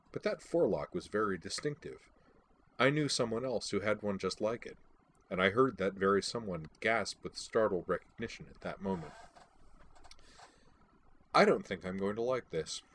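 A man's voice: deep voice, slight background noise. A man reading a first-person audiobook, telling the story in a wry, dry-humored way.

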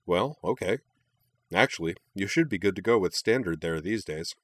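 Man reading as laid-back young adventurer, breezy, very deep voice, dry close sound. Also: expressive, moderate pace, no echo. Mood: easygoing.

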